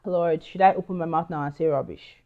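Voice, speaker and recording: A woman's voice: deep voice, fairly quick, phone-quality sound. A woman with a Nigerian accent giving career advice in a casual, earnest and emphatic chat with asides. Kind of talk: casual advice talk to camera.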